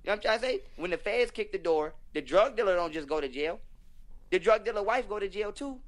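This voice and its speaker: A young man delivers a heated, profane, emphatic rant in a casual conversation. He talks very quickly in a voice pitched a little high for a man. The whole thing has a preachy, fired-up drive. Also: expressive. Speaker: podcast guest.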